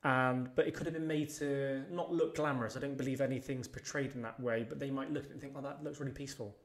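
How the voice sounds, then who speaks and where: A man's voice: mid-range voice, steady tone, quick pace. A man, a podcast guest telling personal stories in a casual chat, blunt and swearing freely.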